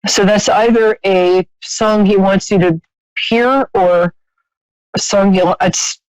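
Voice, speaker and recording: A woman's voice: medium pitch, steady tone, slow pace, clear, resonant tone, dry recording, muffled recording. Woman, psychic radio host, chatty, laughs a lot, dry close sound. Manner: chatty, warm-hearted, laughs often, trailing restarts. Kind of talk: live call-in psychic reading.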